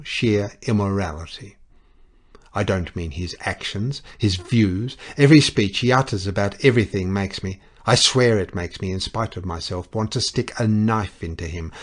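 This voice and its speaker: A man voicing a scornful, bitter young society wife. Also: fairly low pitch. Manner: cutting, scornful, impassioned.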